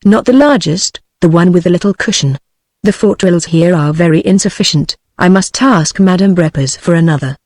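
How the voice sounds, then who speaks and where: A synthetic British woman's voice reading the lines of an earnest, learned older woman in an audiobook, with an even, measured delivery. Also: on the low side, no echo, studio quality, lightly acted. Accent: British English.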